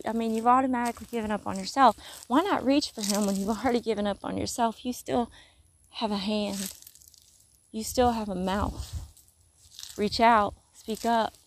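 A woman giving casual spiritual encouragement while walking outdoors in the countryside, earnest and rambling, with soft whispered asides. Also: medium pitch, slight background noise, rough recording. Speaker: faith vlogger.

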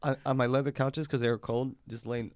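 A hoarse man co-hosting a podcast, joking and telling rambling stories over beers. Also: medium pitch, level tone, a little fast, dry recording. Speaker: podcast co-host. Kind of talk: casual chat over beers.

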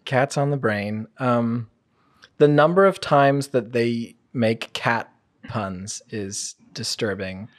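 A young woman in casual chat, telling stories in a chatty, drawn-out way. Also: a bass voice.

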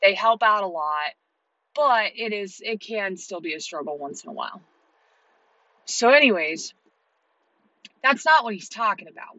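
A woman in her thirties, a single mother, telling a story to camera in a blunt, heavily profane and animated way. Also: mid-range voice, no room sound, highs cut off. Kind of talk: casual monologue to camera.

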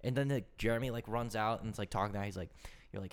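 A man's voice: fairly low pitch, very fast, smooth. A young man telling a story to friends casually, using lots of fillers. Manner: fills talk with "like".

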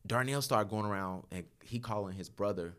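A man in his thirties, a podcast guest, telling laughing, animated stories in casual chat. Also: fairly low pitch, a little fast, clear, resonant tone. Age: 30s.

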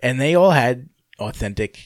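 A man's voice: mid-range voice, expressive, normal speed, no room sound. A man co-hosting a podcast in a laid-back, chatty way, sharing a college story. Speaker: podcast co-host. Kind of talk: casual chat.

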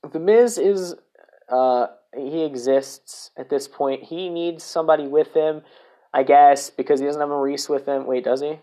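A man's voice: on the high side, measured pace, mellow. A man hosting a casual solo podcast, rambling, swearing and correcting himself as he goes. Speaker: podcast host.

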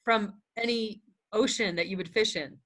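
A woman hosting a casual podcast who reacts quickly to her co-host and laughs often. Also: medium pitch, a bit bright.

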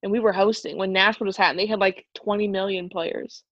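A woman's voice: medium pitch, steady tone, fast talker, fairly bright tone, no room sound. Woman, podcast co-host, casual sports talk, opinionated, chatty, slightly muffled, dry sound.

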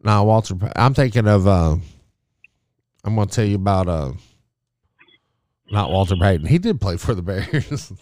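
A man's voice: lowish voice, lively intonation, normal speed, long pauses, a little mellow, no room sound. A man in casual chat, laid-back and profane, laughing often.

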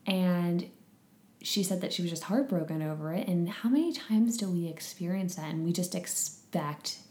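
A woman chatting casually and telling a story with lively energy, laughing often. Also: on the low side, moderate pace, echoey room. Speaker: podcast guest sharing a conference experience. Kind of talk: casual chat.

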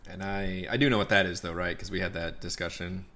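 A man's voice: low voice, steady tone, brisk, bright, forceful tone. A man playing a tabletop game, chatting casually and swearing in laughing asides. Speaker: player.

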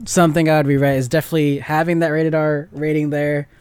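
Laughing, excitable man co-hosting a podcast. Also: on the high side, fast, clean tone. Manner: excited, laughs often, swears casually. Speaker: podcast co-host. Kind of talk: casual chat.

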